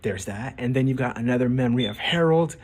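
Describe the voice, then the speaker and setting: A man's voice: medium pitch, fast talker, a little mellow, husky. A man giving casual video commentary on an anime, rambling and restarting his words as he acts out quotes.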